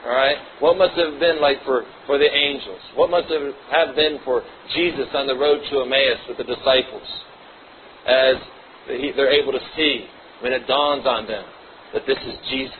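A man's voice: mid-range voice, fairly even intonation, moderate pace. A man preaching a sermon, reading scripture aloud and then explaining it with personal asides. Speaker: pastor. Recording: muffled phone-like audio, faint hiss.

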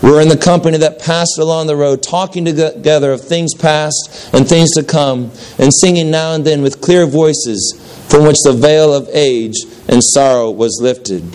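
A man reading a story aloud as a preacher, steady and unhurried, with occasional slips and restarts. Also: a little high, clean tone, low-quality recording. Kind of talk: storytelling narration.

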